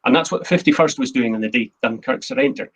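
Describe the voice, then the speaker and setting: A man's voice: mid-range voice, animated, quick pace, gravelly, slightly rough, low-quality recording. A man, the host and a historian, giving an earnest, emphatic history talk from his notes. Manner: earnest, emphatic, quotes speeches in a plain voice.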